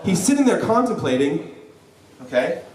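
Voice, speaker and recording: A young man telling a personal story live before an audience, lively and joking, with frequent "right?" asides to the crowd. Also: a little high, moderate pace. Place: event hall before an audience. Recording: roomy hall, voice from a distance.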